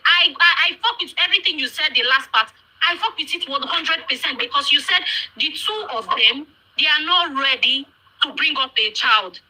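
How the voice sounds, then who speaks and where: Very high, bright, blunt woman. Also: rough recording. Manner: blunt, rapid rebuttals with slang. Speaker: host of a live audio chat. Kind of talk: heated live chat.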